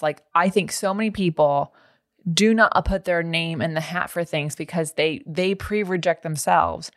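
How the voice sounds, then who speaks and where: A woman's voice: on the low side, moderate pace, no room sound, clean studio sound. Upbeat woman hosting a podcast. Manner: upbeat, encouraging, laughs along. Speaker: podcast host. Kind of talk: casual interview chat.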